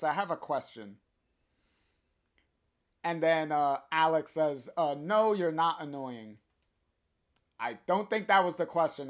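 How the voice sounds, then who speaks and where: Slow, hesitant livestreamer reading a comic. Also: mid-range voice, fairly bright tone. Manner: hesitant, with frequent filler sounds; chatty asides to the viewers. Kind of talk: reading a comic aloud on stream.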